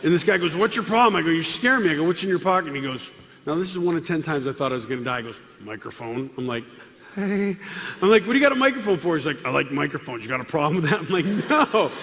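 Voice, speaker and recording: A middle-aged man giving a comic testimony to a live audience, acting out the dialogue with lively voices. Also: fairly high pitch, quick pace. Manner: animated, acts out dialogue with voices. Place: large hall with live audience. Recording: long hall reverb, faint room noise.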